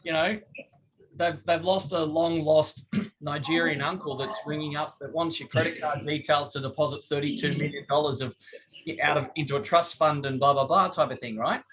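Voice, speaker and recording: A man's voice: on the high side, steady tone, moderate pace, a bit bright, low-quality recording. A middle-aged man, coaching a group over a video call in a chatty, joking way and acting out phone calls. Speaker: business coach.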